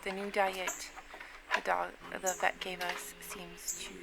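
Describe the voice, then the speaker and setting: A woman's voice: lowish voice, flat delivery, takes it slowly, creaky, heavy background noise. A woman, a nurse, talking in a rambling, chatty vlog at home, full of fillers. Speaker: nurse and book vlogger. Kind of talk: casual vlog chat.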